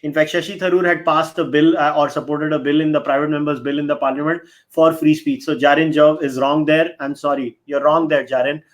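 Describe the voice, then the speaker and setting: A man's voice: a little high, steady tone, a little fast, hardly any pauses. A man arguing emphatically in a heated panel discussion, slipping in Hindi phrases. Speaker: guest panelist.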